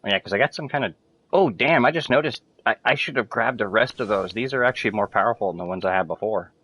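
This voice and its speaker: Rambling low-voiced man gaming. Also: very fast, sharp tone, breathy edge, highs cut off. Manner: rambling, swears freely, lots of "like" fillers. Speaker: gamer streaming to friends. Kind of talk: casual rambling chat while gaming.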